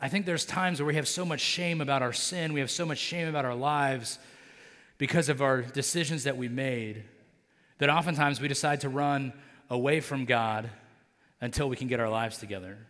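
A man's voice: mid-range voice, normal speed, fairly bright tone. Chatty male pastor in an echoing hall. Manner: conversational, many fillers like "like" and "right?"; acts out characters' lines in his storytelling. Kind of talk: sermon. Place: church sanctuary.

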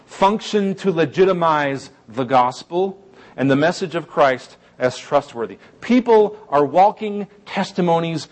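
A man preaching a sermon in a conversational, wry way with dry humor. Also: fairly high pitch. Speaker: pastor.

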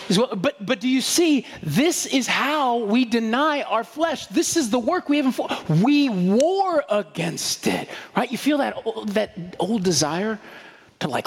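A man with a high, husky voice preaches in a loose, conversational way, telling stories and checking in with his listeners as he goes. His voice rings out with a long reverb, as if he were standing in a large hall. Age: adult with a young daughter. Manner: storytelling, rhetorical asides, frequent "right?". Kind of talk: conversational sermon.

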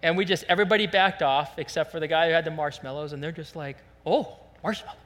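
A man preaching a sermon, telling a lively, joking story and acting out voices as a pastor. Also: a little high, quick pace, big-room sound. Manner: animated, jokey storytelling, acts out voices.

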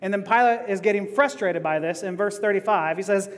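A man preaching a sermon as a pastor, animated and often laughing as he acts out dialogue. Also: high voice, a little fast. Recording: long hall reverb.

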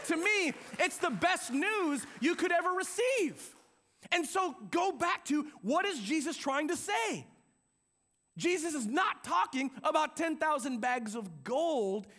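High-voiced animated male pastor. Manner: animated, conversational preaching with acted-out quotes. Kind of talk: sermon. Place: church sanctuary with a balcony.

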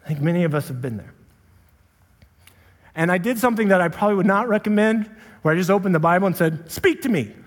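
Fast and animated yet pausing often, a young adult man with a high voice preaches as a pastor, earnest and confessional. He rises to impassioned shouting while retelling his anger, and the large hall adds long reverb.

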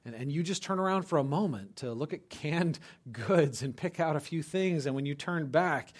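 A man preaching a conversational sermon, checking in with listeners and breaking into loud, animated bursts for emphasis. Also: a little high, normal speed, husky. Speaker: pastor.

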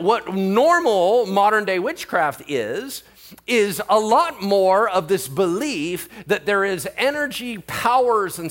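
A male pastor preaching in a lively, conversational way. His pitch rises and falls a great deal, and he keeps turning to the congregation with quick asides and questions. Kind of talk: sermon.

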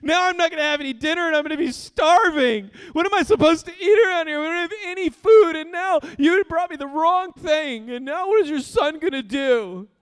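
Brief: crying, wailing boy of about six, as a man puts him on, shouting his complaints in a big echoing room. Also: extremely high pitch, fairly quick, hardly any pauses, voice pushed up. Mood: whiny. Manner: wailing, shouting through tears. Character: crying, whining little boy of five or six.

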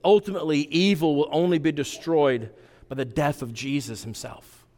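Male pastor, fairly high voice, dynamic sermon delivery from loud peaks to hushed asides, long hall reverb. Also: normal speed. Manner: animated, swinging from loud emphatic peaks to quiet intense asides.

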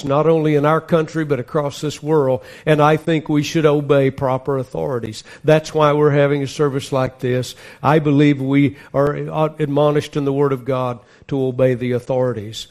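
A pastor delivers a sermon in an earnest, emphatic way, leaning into scripture as he reads it aloud. His voice sits somewhat high for a man. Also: fairly even intonation, normal speed, few pauses, a little mellow.

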